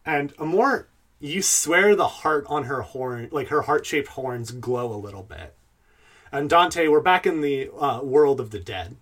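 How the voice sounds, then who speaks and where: A man narrating as game master of a tabletop game, relaxed and dotted with pauses. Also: mid-range voice.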